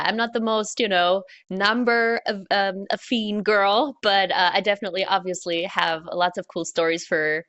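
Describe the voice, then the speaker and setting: A woman's voice: mid-range voice, a bit bright, muffled recording. A woman from northern Germany co-hosting a podcast in a breezy, self-deprecating chatty way. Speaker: podcast co-host. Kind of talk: casual podcast chat.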